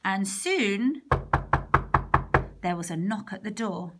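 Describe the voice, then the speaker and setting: A woman narrating a storybook in a soft, partly whispered voice. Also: medium pitch, a little slow. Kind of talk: storybook reading.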